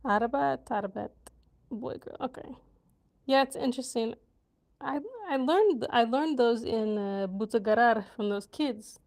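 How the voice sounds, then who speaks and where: A woman with a high voice talks slowly and casually on her vlog. She giggles a lot, tries new words aloud and mutters half to herself as she works them out. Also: vocal fry, a little mellow. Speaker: vlogger learning a language.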